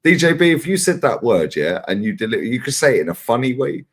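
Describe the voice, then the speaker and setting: A man's voice: medium pitch, very animated, quick pace. A man with a Cockney London accent chatting in casual live-stream banter, swearing freely and laughing often. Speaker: guest.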